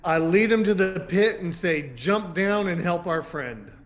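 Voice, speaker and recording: A player in a tabletop game, talking casually with playful, loud outbursts in character. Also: medium pitch, a little slow, slight background noise.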